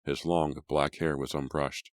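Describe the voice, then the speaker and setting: A male audiobook narrator reads in a measured, steady manner. His voice is extremely deep. The sound is dry and close, with no room around it. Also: no room sound. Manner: measured storytelling. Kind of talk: scripted narration.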